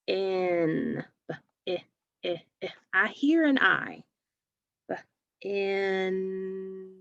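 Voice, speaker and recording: A woman's voice: medium pitch, vocal fry, a bit bright, no echo, dull audio. A woman teaching a phonics lesson to young children, patiently sounding out letters and words.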